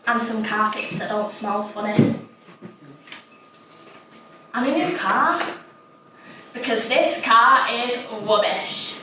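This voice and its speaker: Slightly high and slow, with frequent pauses, a woman's voice carries a dramatic monologue in the role of a little schoolgirl. The tone is innocent, rambling, and matter-of-fact, and a distant mic picks it up in a noisy, echoey room.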